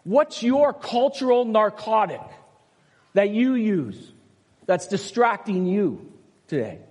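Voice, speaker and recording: Older pastor in a reverberant church. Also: male voice, sits high, sing-song, slow, darkish tone. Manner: storytelling with asides and rhetorical questions. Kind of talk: conversational sermon. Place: church sanctuary. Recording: long reverb of a church hall.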